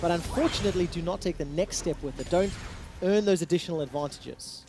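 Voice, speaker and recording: High-voiced teasing esports caster. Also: male voice, warm tone. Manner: teasing, quick banter. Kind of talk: esports play-by-play commentary.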